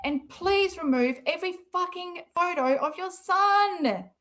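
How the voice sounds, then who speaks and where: A woman's voice: extremely high pitch, unhurried, fairly bright tone. A woman hosting a casual live stream, rambling and sarcastically mocking as she comments.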